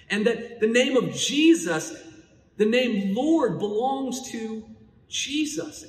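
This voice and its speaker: A man preaching a sermon as pastor, emphatic, building louder and quicker at the high points. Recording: echoey hall with long reverb.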